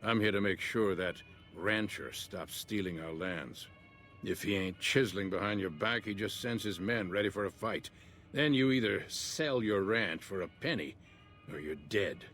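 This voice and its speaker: An actor playing a gruff, vengeful old male rancher in a game, with a folksy, blunt drawl. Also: lowish voice, moderate pace, fairly bright tone, soft background music, natural voice. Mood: bitter. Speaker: game character.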